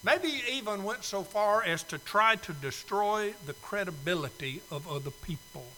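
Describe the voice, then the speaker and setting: A male preacher giving a sermon invitation in a church, pleading and swinging from loud urging to soft, hushed appeals. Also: sits high, lively intonation, normal speed, in a large hall, slight background noise, rough recording. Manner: pleading, swells loud then drops soft. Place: church sanctuary.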